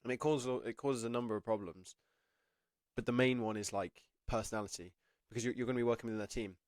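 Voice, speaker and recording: Young guy vlogging advice, talks quick, rambles with lots of "like", dry close sound. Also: on the low side, no room sound. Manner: chatty, rambling, heavy use of "like"; self-conscious and laughing. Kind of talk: casual talk to camera.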